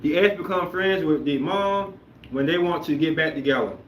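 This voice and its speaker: A man hosting a podcast, chatting casually and reacting to viewer comments in an animated, emphatic, rambling way. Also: fairly high pitch, moderate pace, a little hiss or hum. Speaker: podcast host. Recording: roomy echoey room.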